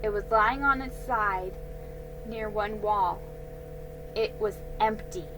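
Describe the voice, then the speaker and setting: A woman reading a children's storybook aloud, slow and careful, with small slips she corrects. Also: medium pitch, music in the background, poor audio.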